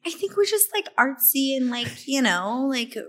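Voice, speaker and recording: A young woman, an actress, chatting as an interview guest in an animated way, saying "like" a lot and acting out voices. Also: high-pitched, normal speed. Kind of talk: casual interview chat.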